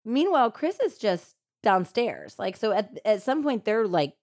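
A woman hosting a true crime podcast, retelling a case in a casual, animated way with lots of "like" fillers. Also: on the high side, a little slow, dry recording, studio quality. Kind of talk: casual storytelling chat.

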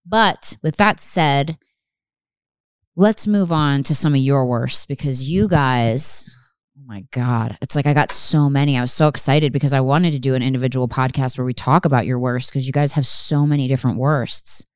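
A woman's voice: a bass voice, moderate pace, smooth, dry recording, clean studio sound. A young woman hosting her own podcast, rambling and swearing casually with lots of fillers and restarts. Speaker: podcast host. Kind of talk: casual solo podcast chat.

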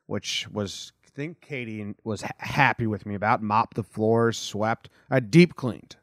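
A man's voice: fairly low pitch, unhurried, dry recording, studio quality. Easygoing male podcast host, rambling. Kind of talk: casual chat. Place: small house.

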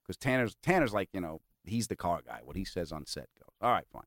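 Animated, rambling male podcast host. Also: on the low side, quick pace, no room sound, studio quality. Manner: animated, rambling, swears freely. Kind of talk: casual storytelling chat.

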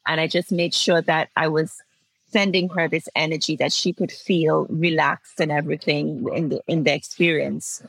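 A woman in her forties from Antigua speaks as an interview guest in a heartfelt, personal way, often laughing softly through tears. Her voice sits on the lower side and is recorded dry and close, with no room sound around it. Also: fairly even intonation, moderate pace, vocal fry, husky, no echo, poor audio. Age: 40s. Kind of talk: emotional personal storytelling.

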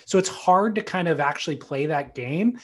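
A man co-hosting a podcast, chatting casually about surfing in a relaxed, teasing way. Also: fairly high pitch, normal speed. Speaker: podcast co-host. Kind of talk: casual surf talk chat.

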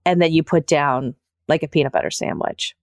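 A woman with a notably low, deep voice hosts a podcast. She sets up everyday scenarios and poses questions in a reflective way. The sound is dry and close, with no room echo. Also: brisk. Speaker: podcast host. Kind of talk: podcast conversation.

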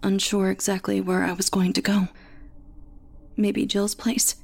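A woman reading a first-person horror story aloud in a measured, tense way. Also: mid-range voice, little pitch movement, vocal fry, darkish tone, husky. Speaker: narrator.

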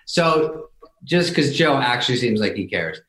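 A man's voice: medium pitch, very animated, measured pace, a bit bright, echoey room, slight background noise, poor audio. A middle-aged man telling casual anecdotes as a podcast guest, dry and self-mocking, briefly mimicking others. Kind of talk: casual storytelling chat.

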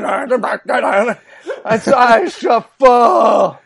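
A man ranting comedically about politics, loud and profane, slipping into mocking voices. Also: very high-pitched, animated, normal speed. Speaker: podcast guest.

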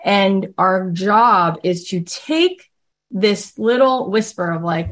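A woman hosting a podcast, telling a casual story in a chatty, animated way and acting out the other people in it. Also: mid-range voice, slow. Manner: chatty, animated, acts out quoted voices. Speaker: podcast host.

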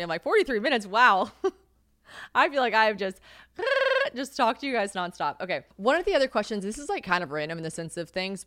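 A woman's voice: on the low side, fairly bright tone, no room sound, studio quality. A young woman hosting a casual solo podcast, rambling and swearing freely, laughing often. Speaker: podcast host. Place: home kitchen.

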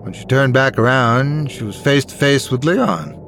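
A man reading a scripted horror story in a measured, suspenseful manner. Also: mid-range voice, expressive, fairly bright tone, a little hiss or hum. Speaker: narrator.

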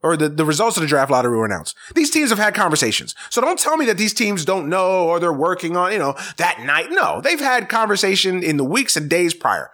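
A man's voice: high-pitched, sing-song, brisk, few pauses, sharp tone. A man hosting a casual sports talk show, ranting in an exasperated, profane way and repeating his points. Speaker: sports podcast host.

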